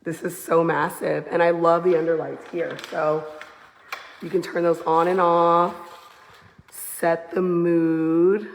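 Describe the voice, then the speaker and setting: A hoarse woman, a real estate agent showing a house on a live phone video, gushing as she walks through it. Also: on the low side, little pitch movement, slow, a little hiss or hum. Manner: gushing, enthusiastic, repeats "beautiful" and "I love". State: hoarse, lost voice. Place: walking through a large house, indoors and out. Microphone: handheld phone camera.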